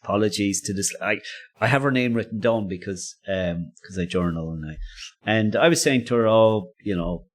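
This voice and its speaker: A man's voice: lowish voice, a little fast. A man and podcast co-host, telling a personal story casually, rambling and self-interrupting with frequent laughs.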